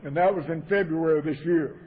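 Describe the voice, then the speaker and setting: A man with a Southern drawl telling his recovery story in a folksy, emotional way, acting out the people in it. His voice sits high, and it comes through thin and tinny, like an old cassette tape of a meeting talk. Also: fast talker, noisy background. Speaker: AA speaker. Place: meeting hall.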